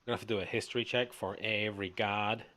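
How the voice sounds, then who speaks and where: This deep-voiced man runs a tabletop game as its game master. He calls for rolls and reads scene text aloud in a slow, even way. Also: no room sound. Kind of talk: running a tabletop game online.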